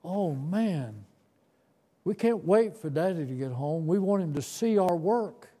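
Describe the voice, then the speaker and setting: A man's voice: high voice, animated, measured pace, warm tone. A man in his seventies telling a tender, folksy story from his boyhood as part of a sermon. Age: 70s. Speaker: preacher.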